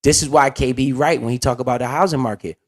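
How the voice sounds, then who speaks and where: A man's voice: medium pitch, fairly even intonation, quick pace. A young man telling a casual, profane, slang-heavy story as the host of a finance video.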